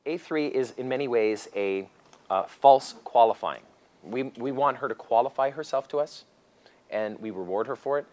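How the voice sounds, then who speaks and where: A man teaching a seminar, lively and animated, acting out bits of dialogue as he explains. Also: mid-range voice, normal speed. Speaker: seminar instructor. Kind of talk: lecture to a class.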